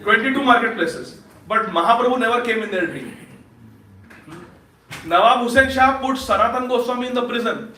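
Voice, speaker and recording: A man giving a lively storytelling sermon at a temple feast, laughing often and quizzing his audience. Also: very high-pitched, normal speed, long pauses, a little hiss or hum. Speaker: speaker at a temple Sunday feast. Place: temple hall. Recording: echoey hall, distant mic.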